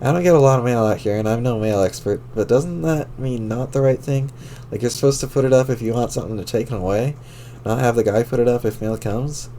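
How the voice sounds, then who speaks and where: A man's voice: mid-range voice, fairly quick, dark tone, slight background noise, close to an everyday voice. A man reading chat lines as a laid-back, sarcastic teen girl, in a near-own voice with a dry, teasing manner.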